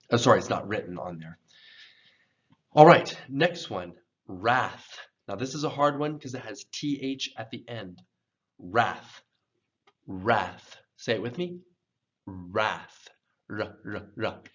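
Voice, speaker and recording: Slow, patient man teaching pronunciation. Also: mid-range voice, lively intonation. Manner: patient, repeats words slowly for learners. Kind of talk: slow, careful pronunciation lesson. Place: church program video. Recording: dull, lo-fi sound.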